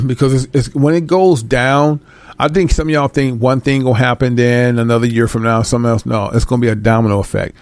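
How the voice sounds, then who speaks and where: A man's voice: medium pitch, brisk, no echo. Guy ranting casually to his viewers, swears a lot, laughs a bunch, dry close sound. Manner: animated, swears freely, laughs often. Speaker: host.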